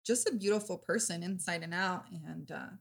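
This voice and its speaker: A woman's voice: on the low side, moderate pace, vocal fry. A woman hosting a podcast in casual chat, chatty and gushing, with many fillers. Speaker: podcast host.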